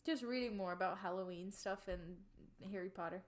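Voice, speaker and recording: A woman's voice: mid-range voice, fairly quick. A young woman from the United States co-hosting a podcast, chatting casually and animatedly with lots of filler words. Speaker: podcast co-host. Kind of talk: casual chat.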